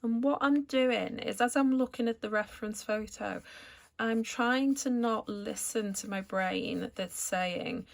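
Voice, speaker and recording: Woman, art tutor, gravelly vocal fry, calm step-by-step painting lesson. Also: a little high, a little slow. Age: adult, returned to art after school years. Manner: calm, gentle, explains each step as she paints. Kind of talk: painting tutorial narration while working.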